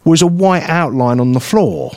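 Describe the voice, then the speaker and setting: Lively London man telling radio stories. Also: moderate pace, dry recording. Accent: London English. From London, England. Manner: animated storyteller who mimics people in a high, excited voice. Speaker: co-host. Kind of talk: casual radio chat. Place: radio studio.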